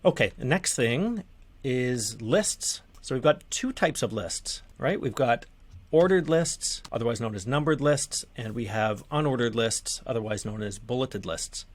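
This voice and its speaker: A man teaching manuscript formatting in a relaxed, conversational screen-share tutorial, with fillers and restarts. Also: mid-range voice, a little slow.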